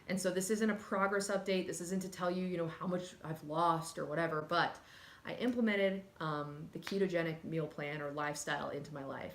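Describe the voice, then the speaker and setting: A woman's voice: on the low side, a little hiss or hum. Earnest woman vlogging in an echoey room. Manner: earnest and emotional, casual with fillers. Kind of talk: candid personal vlog.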